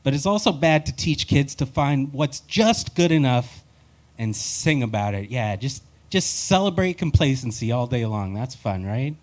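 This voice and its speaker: A male comedian works through a live stand-up set in a wry, rambling way. He pokes fun at himself with a relaxed, self-deprecating delivery. His voice sits at an ordinary middle pitch. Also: moderate pace.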